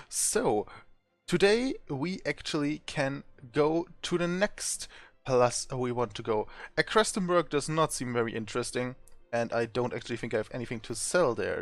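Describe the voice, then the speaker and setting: A man's voice: mid-range voice, lively intonation, measured pace, no room sound. A man hosting a gameplay video, reading the game's text aloud and joking and laughing along as he plays. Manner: playful, laughing, swears casually. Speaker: let's play host.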